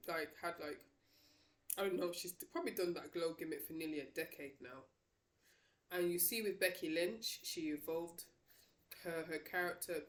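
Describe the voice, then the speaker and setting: A woman's voice: fairly low pitch, fairly bright tone, roomy sound. A woman giving a casual, emphatic opinion monologue on wrestling, talking straight to her viewers. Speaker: wrestling commentator.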